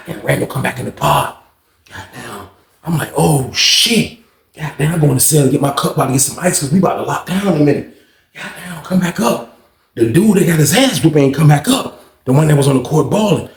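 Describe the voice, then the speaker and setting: A man telling a story in a casual, animated way, acting out quotes and punch sounds. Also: fairly high pitch, gravelly. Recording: echoey room.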